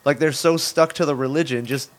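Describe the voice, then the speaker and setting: A man's voice: fairly high pitch, a little fast. A man guesting on a podcast, rambling loosely and joking about drinking and religion. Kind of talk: casual comedic podcast chat.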